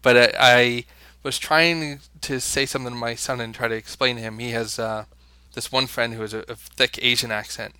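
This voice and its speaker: A man's voice: medium pitch, steady tone, moderate pace, hardly any pauses, pushed and bright, smooth, no room sound. An American man co-hosting a podcast, talking in a loose, rambling way with frequent restarts. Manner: rambling, with many restarts and fillers. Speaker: podcast co-host. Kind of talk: casual podcast chat.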